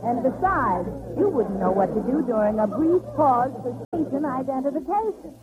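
An actress playing a sassy young woman in a 1940s radio comedy, delivering slow, teasing put-downs. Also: high voice, animated, over loud music. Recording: tinny old radio broadcast.

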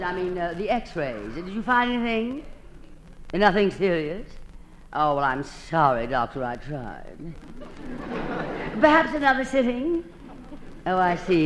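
A woman's voice: medium pitch, slight background noise. A woman hosting an old-time radio comedy monologue, delivering it in a theatrical drawl and calling everyone darling.

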